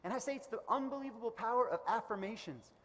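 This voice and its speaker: A man giving a motivational commencement speech in a large hall, energetic and emphatic, building to loud repeated declarations. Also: very high voice, fast talker. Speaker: commencement speaker. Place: large indoor event hall. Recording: echoey hall reverb.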